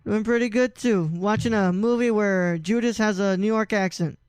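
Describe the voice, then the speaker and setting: A man's voice: sits high, steady tone, normal speed, a little mellow, smooth, no echo. A man hosting a podcast in casual chat, loose and swearing easily, with lots of fillers, on a close mic. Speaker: podcast host.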